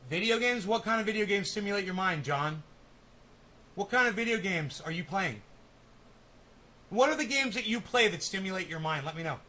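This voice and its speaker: A man's voice: sits high, lively intonation, moderate pace, long pauses, sharp tone. A man hosting a casual live stream, rambling and swearing, with testy, teasing banter with his viewers.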